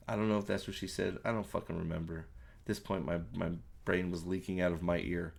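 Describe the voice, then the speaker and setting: A man's voice: deep voice, little pitch movement, a little fast, creaky. A man giving a ranting spoiler review of a movie, sarcastic and exasperated, full of swearing, rambling and restarting his sentences.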